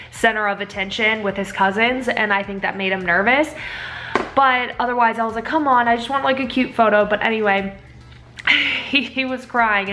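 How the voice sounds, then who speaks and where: A woman's voice: mid-range voice, bright, forceful tone. Worn-out young mom rambling on her vlog, tired voice, says like a lot. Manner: weary, rambling, heavy use of "like". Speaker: vlogger and mother. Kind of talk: casual vlog chat. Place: at home.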